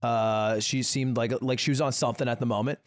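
A man's voice: medium pitch, steady tone, fairly quick. A young man co-hosting a podcast, casually telling a story and laughing often. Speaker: podcast co-host. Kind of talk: casual chat.

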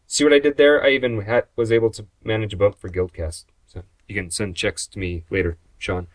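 A man's voice: lowish voice, expressive, quick pace, few pauses. A man hosting a casual gaming podcast, joking and poking fun at himself. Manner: self-deprecating, joking. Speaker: podcast host.

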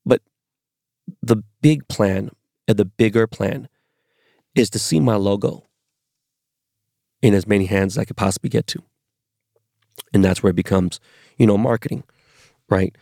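A Los Angeles man with a deep, very gravelly voice spins a wandering, profanity-filled story, chatting casually like a podcast host with his listeners. He speaks a little slowly with long pauses and a warm tone, and the sound is close and dry with no echo.

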